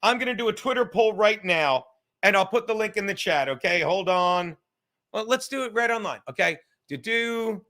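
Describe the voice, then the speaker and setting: A man hosting a livestream podcast, rambling loudly and swearing as he reads chat comments. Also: high voice, animated, moderate pace. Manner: loud, rambling, profane, reading chat comments aloud. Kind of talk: casual chat.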